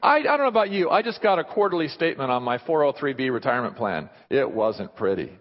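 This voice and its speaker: A man preaching a sermon in an animated way, often throwing rhetorical questions at his listeners. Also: mid-range voice, quick pace. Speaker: pastor. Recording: dull sound with long hall reverb.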